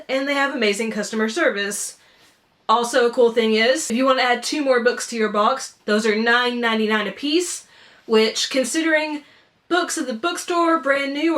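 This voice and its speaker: A chatty woman talks straight to her viewers in a casual unboxing vlog. Her voice sits a little high, and her delivery is playful and easygoing, with a self-teasing streak. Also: fairly bright tone. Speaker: book subscription vlogger.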